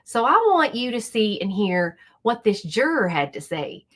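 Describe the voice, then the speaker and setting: On her casual YouTube reaction commentary channel, a woman with a voice on the high side talks at a measured pace. She's chatty and lively, directing her words straight at her viewers.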